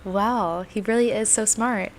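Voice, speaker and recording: A woman's voice: medium pitch, fairly even intonation, measured pace, a little hiss or hum. A woman co-hosting a podcast, chatting casually with fillers and frequent laughs as she reads through scripts. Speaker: podcast co-host.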